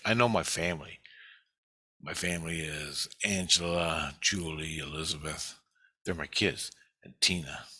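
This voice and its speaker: Low, bright-toned man telling a dream. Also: husky, dry recording. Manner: profane, rambling, halting restarts. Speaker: storyteller recounting a dream. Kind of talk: casual rambling monologue.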